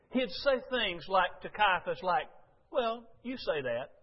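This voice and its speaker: High-voiced preacher in a reverberant hall. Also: male voice. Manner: impassioned, rising loud when quoting Jesus. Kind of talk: sermon. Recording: dull lo-fi sound with long hall reverb.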